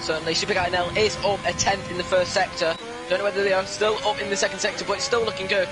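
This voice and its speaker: A man analyses a sim race in a slow, measured way. His voice is notably high for a man. A clear music bed runs underneath the commentary. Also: level tone. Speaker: co-commentator and driver.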